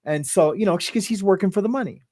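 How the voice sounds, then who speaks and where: A man's voice: high-pitched, fast, a little mellow, no room sound. A middle-aged man telling a personal story as a podcast guest, rambling with lots of "right?" and "like", emotional and close to tears.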